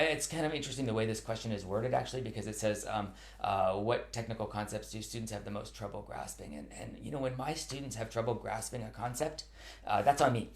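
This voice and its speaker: A man who teaches cello, answering viewer questions in a live online chat in an earnest, thoughtful way, with many ums and restarts. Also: medium pitch. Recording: roomy echo.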